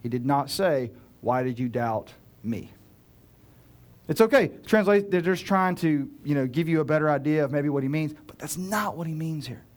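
A man preaching a sermon as a pastor, earnest and direct, swinging between loud urgent pleading and hushed, slow emphasis. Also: a little high. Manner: earnest, direct address to listeners.

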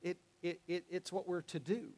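High-voiced pastor preaching in a reverberant hall. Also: male voice, steady tone, moderate pace, a little mellow. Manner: conversational storytelling with acted quotes. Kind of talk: sermon. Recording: long reverb of a large hall.

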